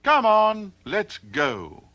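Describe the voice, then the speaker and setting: A cheerful little girl chick, eager and curious, with a high bouncy voice, as a man reading a storybook puts her on. The delivery is bright and full of lively swoops. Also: drawn-out words, muffled recording, heavily acted.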